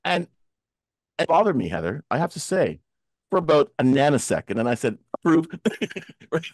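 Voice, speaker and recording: A man's voice: mid-range voice, sing-song, moderate pace, no echo, studio quality. A man hosting a casual talk show discussion, telling stories animatedly and acting out the voices he quotes, heard over a video call.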